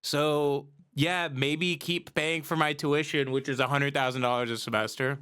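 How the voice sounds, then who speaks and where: A man's voice: a little high, fairly even intonation, moderate pace, sharp tone, smooth, pitched below the performer's own voice. A man playing a whiny young male student making excuses to his mother on the phone.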